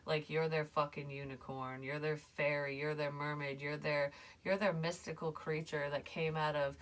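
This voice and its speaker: A woman's voice: deep voice, level tone, normal speed. A woman giving a casual tarot reading, chatty and emotional, swearing now and then. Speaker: psychic tarot reader.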